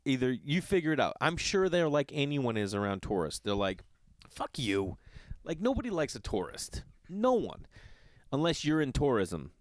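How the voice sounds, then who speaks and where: A podcast host with a slightly high voice tells a wandering travel tale at a moderate pace, swearing liberally and animating it by performing what others said. The recording is dry and of studio quality.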